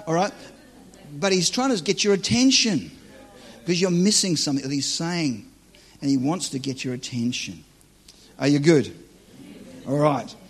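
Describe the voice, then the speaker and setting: Husky man, playful preacher, quick self-deprecating asides, fairly high voice. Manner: joking, conversational, self-deprecating. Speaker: preacher teaching on dream interpretation. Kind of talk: live church teaching to an audience.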